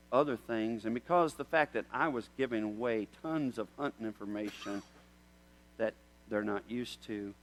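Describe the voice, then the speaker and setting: A man preaching a sermon. He tells a story in a conversational way, then builds to loud, emphatic questions. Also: mid-range voice, rough recording. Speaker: pastor.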